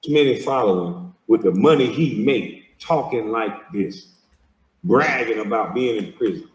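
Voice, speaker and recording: This man's reaction commentary on a video clip is heated, mocking and full of swearing as he confronts what he sees. His fairly low voice keeps a measured pace, captured far from the mic in an echoey space.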